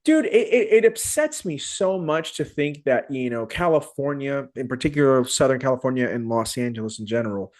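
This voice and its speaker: A man's voice: medium pitch, expressive, fairly quick, hardly any pauses, a little mellow. A man hosting a motoring podcast, making an emphatic point in casual chat and repeating words as he builds it. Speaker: podcast host.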